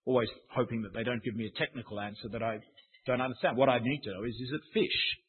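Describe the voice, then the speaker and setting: A man's voice: medium pitch, quick pace, breathy edge. A man preaching a sermon in a conversational, wry, self-deprecating manner. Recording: tinny phone-like sound.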